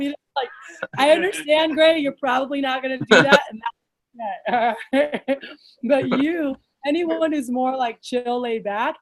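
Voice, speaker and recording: Heard over a video call, a woman coaches sales managers at a moderate pace, blunt, energetic, and casual. She swears now and then and acts out lively sales pitches.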